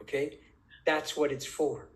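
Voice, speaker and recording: In a rough recording, a fairly high-pitched man with a level tone speaks as an interview guest. He stresses his argument and stretches his phrasing out deliberately while asking rhetorical questions in a conversational exchange.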